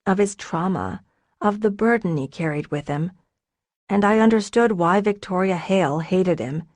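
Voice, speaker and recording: A woman narrating a novel in the first person in a soft, earnest, emotional way. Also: on the low side, no echo, clean studio sound. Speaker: audiobook narrator.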